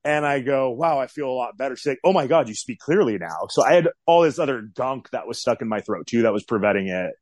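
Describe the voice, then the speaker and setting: A man's voice: mid-range voice, animated, quick pace, hardly any pauses, a little mellow, no echo. A man in his forties telling a personal story in a casual interview, candid and rambling, with many fillers. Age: 40s.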